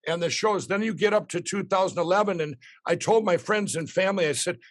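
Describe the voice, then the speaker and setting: High-voiced man. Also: brisk, no echo. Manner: rambling, excited storytelling with restarts. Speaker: guest. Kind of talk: storytelling in a podcast interview.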